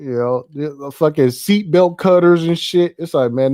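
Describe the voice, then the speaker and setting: Male political commentary host, casual and profane, quick to laugh, a touch high-pitched. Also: dark tone. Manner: loose, profane, laughing, reacting to on-screen ads.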